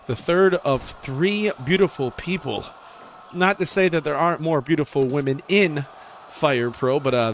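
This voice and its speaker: A man calling a video game wrestling match play-by-play, his voice a little higher than most men's. He is excitable and jumps up sharply in pitch when a big move lands. A faint hiss of background noise sits under the recording. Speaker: play-by-play commentator.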